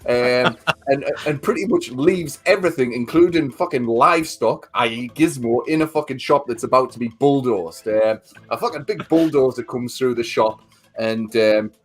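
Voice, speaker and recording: A man's voice: mid-range voice, normal speed, husky, faint music behind. Sweary rambling man. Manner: sweary, rambling plot recap with quoted voices. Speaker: livestream co-host. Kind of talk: casual movie chat.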